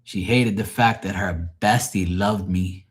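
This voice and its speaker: Casting note: lower-voiced man hosting a live tarot stream, foul-mouthed and mocking, rambling rant. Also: fairly even intonation, unhurried, breathy edge. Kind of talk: ranting live stream chat.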